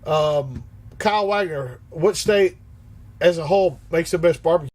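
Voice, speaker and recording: Fifties guy hosting a livestream, high-ish voice, swears a lot, blunt and fired up. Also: normal speed. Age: 50s. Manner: blunt, profane, animated. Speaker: livestream host reading chat. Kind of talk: casual livestream chat.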